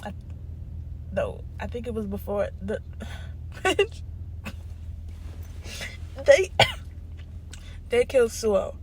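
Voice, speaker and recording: A woman's voice: a little high, wildly swooping pitch, takes it slowly, long pauses, a bit bright, slightly rough. A young woman vlogger ranting casually, swearing and laughing between phrases. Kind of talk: casual rant. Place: parked car.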